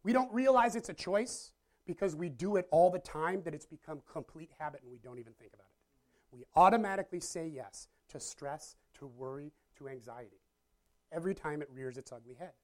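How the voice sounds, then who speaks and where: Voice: mid-range voice, fairly quick. Chatty preacher talking to a live audience. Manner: chatty, self-deprecating, asks the audience questions. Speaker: pastor. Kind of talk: casual conversational sermon. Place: church or meeting room with a live audience.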